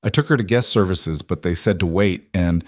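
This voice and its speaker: A man's voice: low voice, fairly quick, no echo, clean studio sound, lightly acted. A man voicing a desperate single father who pleads in a panic to be believed. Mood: pleading.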